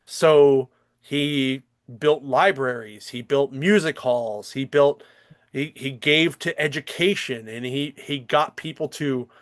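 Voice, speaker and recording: A man hosts a comics podcast, chatting casually in a rambling, profane way full of fillers and restarts. His voice sits at a medium pitch and moves slowly. The studio recording is clean, with no echo.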